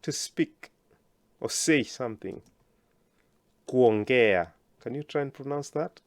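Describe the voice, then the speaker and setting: A man teaching a language lesson, slowly enunciating words for learners to repeat and praising them often. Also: medium pitch, dry recording, studio quality.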